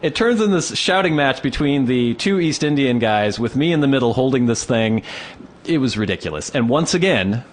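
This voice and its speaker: A man co-hosting a casual podcast, telling a story with lively, acted-out quotes. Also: mid-range voice, normal speed. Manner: animated storyteller acting out quoted voices. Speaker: podcast co-host. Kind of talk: casual chat, comic storytelling. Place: Pacific Northwest town.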